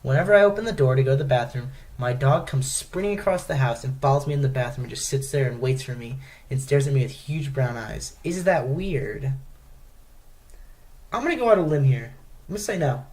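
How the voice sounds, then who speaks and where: A man's voice: medium pitch, lively intonation, brisk, darkish tone. A man co-hosting a comedy podcast, ranting in a mock-preachy way in casual banter and tagging his points with "okay?". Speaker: podcast co-host.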